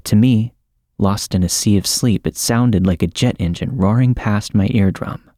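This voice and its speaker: A man narrating a scripted horror story in a measured, dramatic way. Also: fairly low pitch, mellow, no echo, studio quality. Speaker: podcast narrator.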